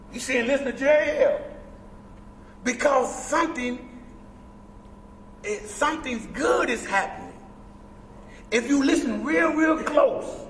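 A man giving an impassioned, preacherly share as a convention speaker, emphatic and at times shouting. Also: extremely high pitch, a little hiss or hum. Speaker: guest speaker at a recovery convention. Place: large indoor convention hall. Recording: echoey hall, from far off.

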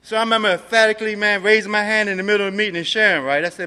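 A man's voice: high-pitched, fairly even intonation, racing, bright, forceful tone, smooth, long reverb tail. A man from Maryland giving a personal recovery testimony, streetwise and profane, filling his talk with "man". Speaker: recovery speaker.

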